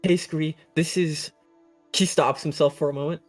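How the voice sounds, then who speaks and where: A man playing a tabletop role-playing game, playful and quick to laugh. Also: a little high, fairly even intonation, faint music behind. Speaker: player. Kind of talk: tabletop role-play chat.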